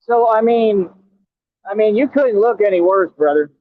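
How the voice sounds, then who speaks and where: Taunting high-voiced man on a scooter. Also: lively intonation, normal speed, no room sound. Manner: taunting, stammering repeats. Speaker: vlogger. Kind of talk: trash-talking vlog. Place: outdoors riding a scooter in traffic. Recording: tinny phone-like, dry.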